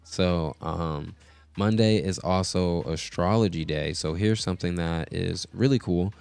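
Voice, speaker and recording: Low, creaky-voiced man hosting a stream. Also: measured pace, a little mellow. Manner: rambling, many filler words. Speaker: host. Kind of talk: casual live stream chat. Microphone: podcast mixer setup.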